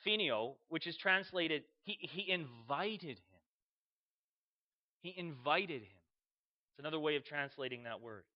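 A man delivers a sermon with a high, bright-leaning voice that swings widely in pitch. He tells the story in an animated way, slipping into acted-out voices and bursts of shouting. The recording sounds dull and lo-fi. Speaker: preacher.

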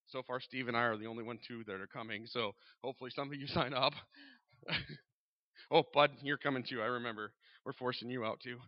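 A man's voice: mid-range voice, steady tone, a little fast. Chatty man telling his story to a church. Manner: candid, joking, with many "um"s and acted-out dialogue. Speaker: church member announcing a men's group. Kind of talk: casual testimony to a congregation. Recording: dull sound, long reverb in a large room.

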